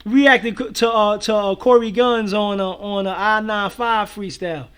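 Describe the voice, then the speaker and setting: A high-voiced man chats easily with his viewers, full of slang and strings of yeah, yeah. His talk is loose and relaxed, the style of a casual livestream co-host. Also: moderate pace, smooth. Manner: laid-back, slangy, many repeated fillers. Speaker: co-host of a reaction show.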